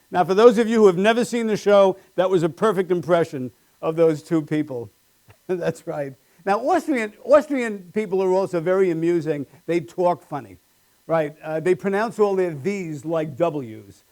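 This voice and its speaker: A man's voice: sits high, animated, moderate pace, a little mellow. A man doing a live stand-up routine with wry, self-deprecating punchlines on a small comedy stage.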